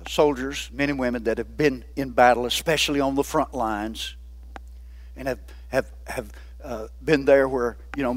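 A man preaching a sermon in a folksy, conversational way, often putting questions to the congregation. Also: medium pitch. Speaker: pastor.

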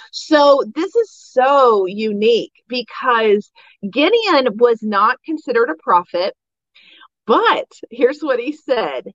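A woman's voice: fairly high pitch, fairly bright tone, dry recording, dull audio. A woman hosting a devotional podcast, retelling a Bible story in a casual, enthusiastic way with many asides.

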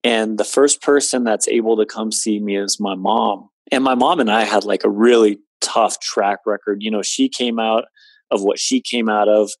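A man's voice: fairly low pitch, fairly even intonation, moderate pace, no room sound. A man in his late twenties earnestly recounting a personal story in conversation, with many fillers. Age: 20s. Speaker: guest telling his story.

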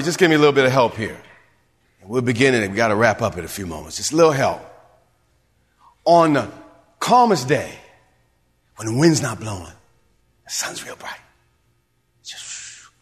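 Male pastor preaching in a big echoing sanctuary, fairly high voice with a wide range. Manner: preacherly call-and-response, swinging between hushed and shouted. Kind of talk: sermon. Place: church sanctuary. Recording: long hall reverb.

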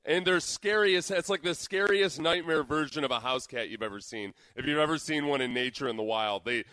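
A man's voice: on the high side, a little fast, pushed and bright, dry recording. A man co-hosting a radio talk show, giving wry, opinionated takes in casual banter. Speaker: radio co-host.

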